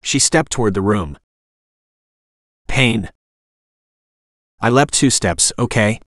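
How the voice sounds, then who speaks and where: Expressive man narrating an audiobook. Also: on the low side, moderate pace, no echo, studio quality. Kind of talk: first-person audiobook narration.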